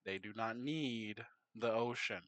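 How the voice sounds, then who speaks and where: A man narrating a map game in casual commentary, unhurried, muttering asides to himself. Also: on the low side, a bit bright, no room sound.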